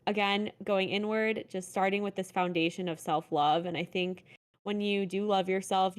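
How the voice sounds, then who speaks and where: A woman co-hosting a podcast, giving earnest, encouraging advice in a casual chat. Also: mid-range voice. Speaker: podcast co-host.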